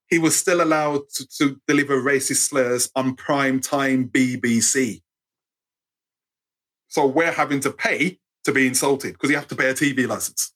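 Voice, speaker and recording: Husky English man in his fifties. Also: medium pitch, moderate pace. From England. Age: 50s. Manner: animated, acts out quoted voices. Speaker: guest storyteller. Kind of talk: interview storytelling.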